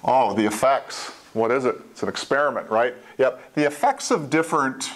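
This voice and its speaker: A man's voice: medium pitch, moderate pace, a little hiss or hum. Man giving a plain statistics lecture. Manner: plain explanatory, repeats key points, with asides. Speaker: statistics instructor. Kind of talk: classroom lecture.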